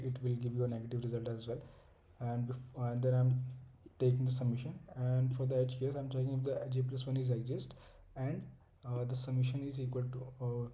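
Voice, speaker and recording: A man's voice: mid-range voice, dark tone, rough recording. A young man hosting a coding tutorial, walking through a solution step by step in loose, non-native English phrasing with many fillers. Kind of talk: screen-recorded coding walkthrough.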